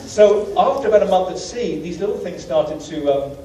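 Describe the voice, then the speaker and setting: A man's voice: high-pitched, expressive, moderate pace, dark tone. British man lecturing in an echoey hall. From Britain. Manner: anecdotal, self-deprecating, many fillers. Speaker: guest lecturer. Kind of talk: humorous travel lecture. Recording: echoey hall from far off, faint hiss.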